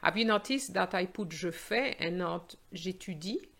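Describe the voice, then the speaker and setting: A French woman teaching a language lesson, modelling phrases, translating them, and announcing each question number clearly. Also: on the low side, expressive, moderate pace, a bit bright. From France. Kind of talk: slow explanatory language lesson.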